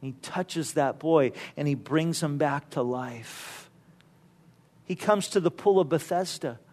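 A man with a notably high voice preaches a sermon. He tells stories in an easy, conversational way and often drops in casual asides to the listeners. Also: measured pace, a little mellow. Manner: conversational storytelling with frequent "you know" asides.

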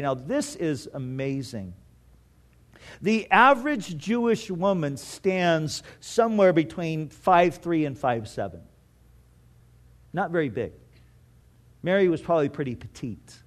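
A man preaching a sermon in a conversational, animated way, reading scripture and acting out the people in it. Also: high voice. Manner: conversational, animated, acts out quotes, chuckles at own jokes. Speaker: pastor.

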